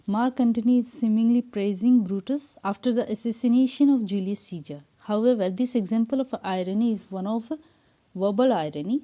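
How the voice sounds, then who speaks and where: An Indian English-accented woman giving a classroom lecture, her voice very dark and mellow. She explains at an unhurried pace, pausing on frequent "uh"s and "um"s. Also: on the high side.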